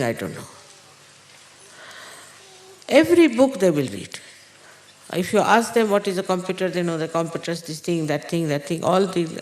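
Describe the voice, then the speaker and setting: A woman spiritual teacher giving an unhurried, halting spiritual talk to followers, with pauses and fillers. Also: fairly low pitch. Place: large indoor gathering hall. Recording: echoey hall recording.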